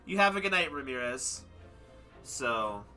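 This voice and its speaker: A man's voice: mid-range voice, very animated, measured pace, bright, forceful tone, soft background music. A young man livestreaming, chatting casually and ramblingly about a game he just finished, sounding tired and self-deprecating. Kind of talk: casual chat wrapping up a game stream.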